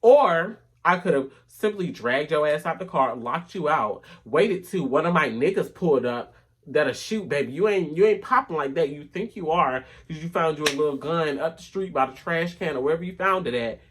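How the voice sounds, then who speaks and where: Sassy woman vlogger ranting a storytime, husky voice, goes animated then mutters low. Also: normal speed. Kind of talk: casual storytime rant.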